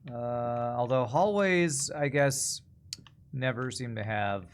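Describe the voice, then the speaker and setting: A man's voice: medium pitch, slow. A man streaming a puzzle game, thinking aloud and mumbling as he weighs his choices in casual commentary. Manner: musing aloud, mumbling while deciding.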